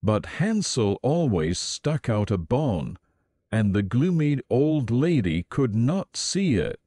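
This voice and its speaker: A man reading a fairy tale aloud in calm storybook narration, slow and even. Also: medium pitch, breathy edge, no room sound, clean studio sound.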